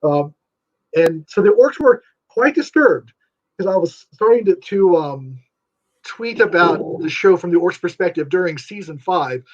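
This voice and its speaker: A man with a fairly high voice rambles through an eager interview answer, full of fillers and sudden jumps in emphasis. The sound is dull and lo-fi. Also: lively intonation, unhurried. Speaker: guest writer. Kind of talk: enthusiastic casual interview chat.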